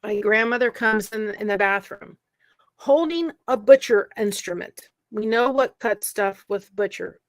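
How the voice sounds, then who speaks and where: A woman telling a painful personal story in conversation, earnest and emotional, with quick asides. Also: medium pitch, no room sound. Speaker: guest sharing a personal story.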